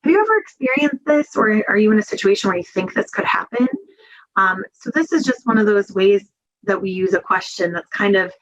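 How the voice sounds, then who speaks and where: A woman's voice: medium pitch, expressive, brisk, muffled recording. A woman giving a webinar training talk in an earnest, conversational way, with many fillers, over a video call. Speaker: webinar presenter.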